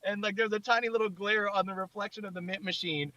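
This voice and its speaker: Bright high-voiced man, rambling. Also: fairly even intonation, fast talker, no room sound. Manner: rambling storytelling full of "like". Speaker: videographer and director. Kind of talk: casual chat. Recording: dull lo-fi online audio.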